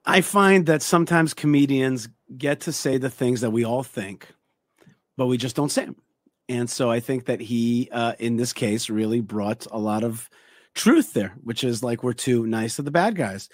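A man's voice: medium pitch, moderate pace, no echo, clean studio sound. A man hosting a show, introducing a clip and commenting on it in a chatty way with stammers and fillers. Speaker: host. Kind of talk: casual commentary.

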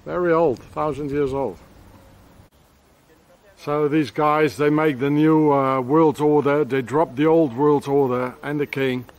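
A man's voice: on the high side, steady tone, measured pace, a little mellow. A man rambling on a walk-and-talk travel vlog outdoors in a town, with many fillers and restarts. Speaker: travel vlogger.

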